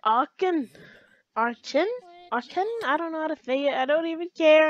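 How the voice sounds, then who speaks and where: A woman giving chatty, excitable commentary while playing a game, talking back to it as she goes. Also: high voice, a little slow, lo-fi sound. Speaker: let's play gamer.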